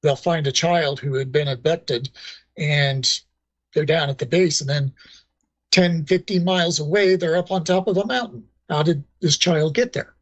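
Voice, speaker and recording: A man being interviewed, explaining things in a measured way with frequent fillers. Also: on the high side, no room sound, muffled recording. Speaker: guest, former ranger and paranormal researcher. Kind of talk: casual interview talk.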